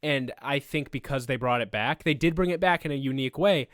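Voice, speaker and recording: A man's voice: medium pitch, brisk, a bit bright, no room sound, clean studio sound. A man co-hosting a podcast in casual, laid-back chat, joking now and then. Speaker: podcast co-host.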